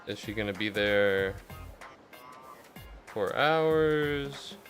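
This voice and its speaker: A young man streaming a game in casual chat, ranting and swearing with loud exasperated outbursts. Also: fairly low pitch, expressive, extremely slow, soft background music.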